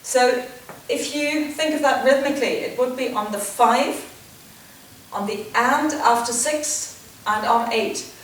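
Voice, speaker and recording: A woman dance teacher giving step-by-step instruction, counting beats and calling out steps in a steady rhythm. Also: high voice, unhurried. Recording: echoey, distant, noisy room sound.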